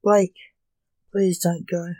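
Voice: medium pitch, level tone, slow pace, a little mellow, no echo, natural voice. A reader voicing a stern male magician who is a worried father, snapping his lines urgently in a storybook reading.

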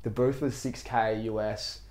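Australian man, animated storytelling. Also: fairly low pitch, measured pace. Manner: animated storytelling, laughing, slangy. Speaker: podcast host. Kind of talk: casual chat.

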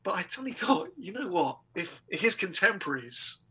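A man telling a comic anecdote in a lively, casual way, with restarts and laughter. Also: high-pitched, normal speed, breathy edge. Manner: animated storytelling with laughter and restarts. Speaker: guest comedian. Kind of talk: casual anecdote on a talk show.

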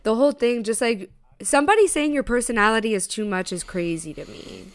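Animated young woman with a smooth voice. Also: fairly high pitch, brisk. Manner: animated storytelling, acts out both sides of a quarrel; frank, swears freely, says "literally" and "girl" often. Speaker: podcast co-host. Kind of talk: casual chat.

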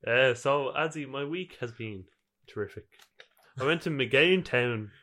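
A man's voice: medium pitch, unhurried, pushed and bright. A young man co-hosting a football podcast, telling stories in a dry, rambling way. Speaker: podcast co-host. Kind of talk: casual football podcast chat.

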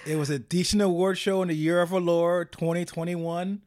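A man co-hosting a casual comedic chat, joking and quick, often stammering and restarting his sentences. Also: sits high, fairly even intonation, a little mellow. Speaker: podcast co-host.

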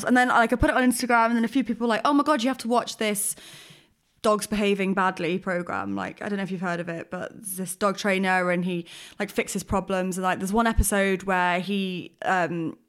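A woman co-hosting a casual chat podcast, telling a story in a chatty way with frequent laughs. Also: mid-range voice. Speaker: podcast co-host.

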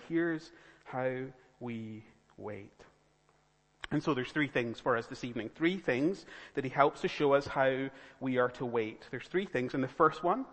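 A man preaching a sermon, earnest and pleading, building to urgent appeals to his listeners. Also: mid-range voice. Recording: long reverb of a church hall.

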